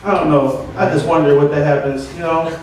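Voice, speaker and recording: A man's voice: on the high side, fairly even intonation, brisk, noisy background. A man doing rambling, ranting stand-up comedy at an open mic. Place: open mic venue with audience. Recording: echoey room from far off, audience.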